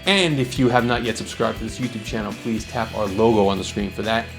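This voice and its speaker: A man with a fairly low voice walks through songwriting technique in a casual teaching style. He explains things loosely, with plenty of fillers and restarts along the way. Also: fast, over music. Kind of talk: casual instructional talk.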